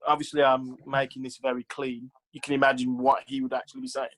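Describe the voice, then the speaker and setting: A man's voice: mid-range voice, level tone, fast talker, fairly bright tone, rough recording. A man who is a former professional footballer, telling stories casually as an interview guest, with lots of "like" and "you know" and acted-out quotes.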